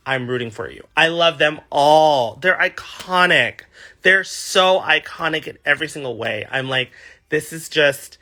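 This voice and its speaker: A man's voice: fairly high pitch, bright, forceful tone. A man in his thirties chatting casually on a livestream, answering fan questions with a gushing, sassy manner. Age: 30s.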